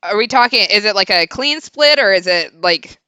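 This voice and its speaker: A woman's voice: mid-range voice, animated, normal speed, bright, forceful tone, clean tone, no room sound. Playful young woman gamer. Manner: playful, giggly. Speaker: player. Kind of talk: casual tabletop play.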